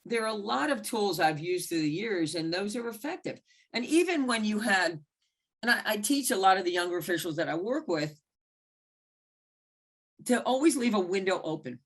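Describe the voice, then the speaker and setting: A woman basketball referee telling frank stories in a mentoring talk, acting out the exchanges she recalls. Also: normal speed. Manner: animated, acts out quoted exchanges with big pitch jumps; blunt and frank, with occasional mild swearing. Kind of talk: candid storytelling in a mentoring talk.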